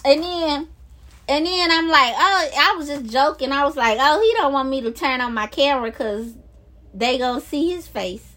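A woman vlogging into her phone, talking excitedly about her faith, gushing in drawn-out exclamations and half-singing her praise. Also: high voice, a little hiss or hum. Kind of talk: excited casual vlog talk about faith.

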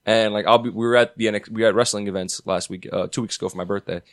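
A man's voice: on the low side, rapid-fire, dry recording, studio quality. A man with a New York accent hosting a podcast, chatting crudely and laughing, often restarting his sentences. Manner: animated, laughing, stammering restarts. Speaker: podcast host. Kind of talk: casual crude banter.

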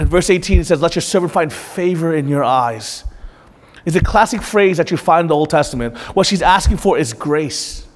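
A male pastor preaching a sermon in a church, earnest and direct, often putting questions to the congregation. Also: a little high. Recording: reverberant church hall.

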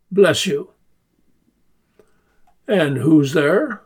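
Man, radio host, scripted narration, playful joke voices, leisurely delivery, high-pitched. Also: very animated. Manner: unhurried storytelling, reading jokes aloud in playful voices. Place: community radio studio.

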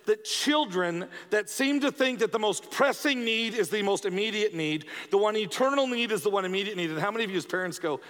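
A man's voice: high voice, animated, brisk, fairly bright tone. A male pastor preaching a sermon in an emphatic, conversational way, often repeating words for stress. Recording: long reverb of a church hall.

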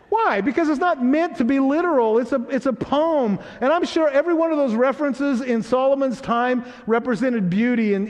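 A man with a notably high voice delivers a sermon in a church sanctuary, his words trailing off into a long hall reverb. He preaches in an easy, conversational way, teasing gently and checking in with his congregation. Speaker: pastor.

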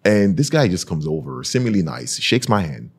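Deep husky man, lively. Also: moderate pace. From Nigeria. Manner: animated storytelling, expressive. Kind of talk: casual chat.

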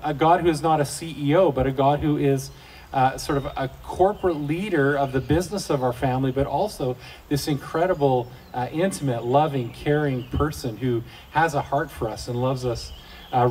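A man's voice: medium pitch, a little mellow. A middle-aged man giving a casual devotional talk to fathers, telling folksy, joking stories about family life. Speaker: Christian speaker for fathers. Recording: distant mic, faint outdoor noise.

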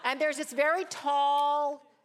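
A woman in her sixties leading a Bible study, telling stories in an animated way that swings between loud exclamations and quiet asides, and talking straight to her audience. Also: high voice, slow. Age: 60s. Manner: chatty, addresses the audience directly. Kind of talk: storytelling Bible study teaching.

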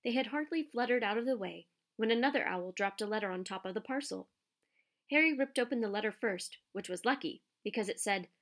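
A woman narrating an audiobook in a calm, even storytelling manner. Her voice sits at a middle pitch. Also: a little fast.

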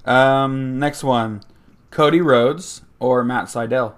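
Male podcast host, mid pitch, relaxed and chatty, laughs easily, fumbles names. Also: slow. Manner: easygoing, laughs often, stumbles over names. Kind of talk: casual chat.

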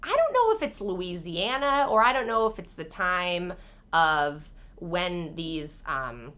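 Young woman co-host, casual podcast; sharp bright tone, very expressive pitch, loose foul-mouthed chatter. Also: slow, clear, resonant tone. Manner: animated, swears freely, rambling asides. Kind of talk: casual true-crime podcast chat.

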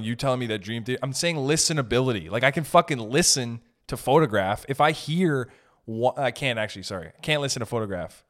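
A young man ranting in a profane, animated way during casual podcast chat. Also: medium pitch. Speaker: podcast host.

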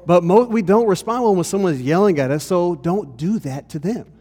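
A man's voice: sits high, normal speed, warm tone, husky. A pastor giving a conversational sermon to his congregation, often checking in with "okay?". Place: church hall. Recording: long reverb of a hall.

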